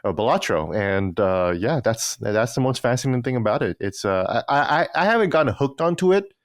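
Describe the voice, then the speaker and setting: A man's voice: medium pitch, expressive, brisk, dry recording, studio quality. A man co-hosting a gaming podcast, chatting casually and often repeating and restarting words. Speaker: podcast co-host. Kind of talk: casual chat.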